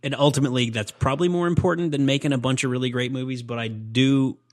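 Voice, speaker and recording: Male podcast co-host, rapid casual rambler, mid-pitched voice. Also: fairly even intonation. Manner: laid-back, rambling, lots of "like" and "dude". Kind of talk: casual chat.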